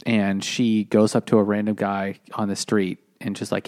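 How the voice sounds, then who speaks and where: A man's voice: lowish voice, fairly even intonation, normal speed, few pauses, darkish tone. A man co-hosting a podcast in casual chat, recapping a story with fillers. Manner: summarizing the plot with fillers. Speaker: podcast co-host.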